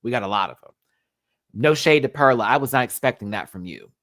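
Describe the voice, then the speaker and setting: In a dry recording, a sassy, animated man reviews a drag show live and casually, talking a little fast, swearing now and then, and bouncing from loud outbursts to quiet mutters.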